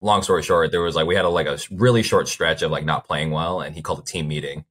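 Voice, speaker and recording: A young man with a low, bright voice chats as a guest on a sports talk show. He rambles through stories, leaning on "like" as he goes. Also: fairly even intonation, fast talker. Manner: rambling storyteller, frequent "like" fillers. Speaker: baseball player guest. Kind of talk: casual interview chat.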